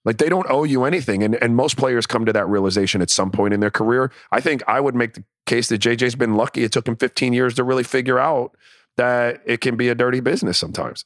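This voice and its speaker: A man's voice: medium pitch, fast talker, no room sound, studio quality. A man co-hosting a sports podcast, giving earnest opinions with stammered restarts. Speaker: podcast co-host. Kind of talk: casual sports chat.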